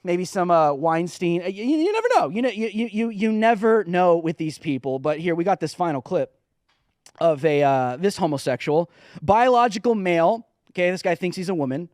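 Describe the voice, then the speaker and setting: A man's voice: high-pitched, lively intonation, normal speed, a little mellow, dry recording, clean studio sound. A man hosting his own show, ranting in a mocking, emphatic commentary and calling his viewers guys and dude. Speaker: show host.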